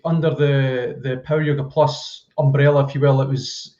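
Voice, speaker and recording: A man with a Scottish accent, a fitness coach guest on a remote call, answering in a polite, measured, slightly formal way. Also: medium pitch, little pitch movement, mellow. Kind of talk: casual interview answers. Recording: echoey, dull remote call audio.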